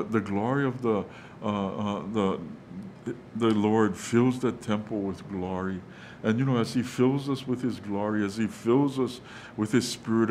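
A man's voice: lowish voice, a little hiss or hum. A male pastor preaching a sermon, hesitant, with many fillers and restarts, calling his listeners guys. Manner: quotes the angel in a hushed, reassuring voice.

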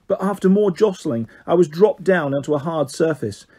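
A man reading a children's story aloud in a lively, expressive way. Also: on the high side, normal speed, slightly rough.

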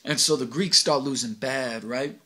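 A man's voice: medium pitch, moderate pace, sharp tone. A man acting a cocky streetwise teenage delinquent in a stage monologue, boastful and slangy, recorded on a home video camera. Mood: swaggering. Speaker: actor in an audition monologue.

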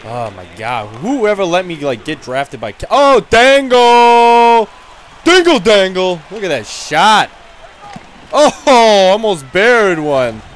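A man's voice: a little high, big pitch swings, slow, a little hiss or hum. A man doing a brash dim-witted hockey goon. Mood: rowdy. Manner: rowdy trash talk, frequent laughs. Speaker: gaming video creator. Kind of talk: in-character gameplay commentary.

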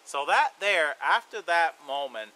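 A man with a bright, sharp voice, pitched a little above the usual, tells a story casually and at an easy pace. He rambles a bit and leans on "you know" as he goes. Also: unhurried, low-quality recording. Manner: relaxed, rambling, frequent "you know" fillers. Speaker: bushcraft and survival channel host.

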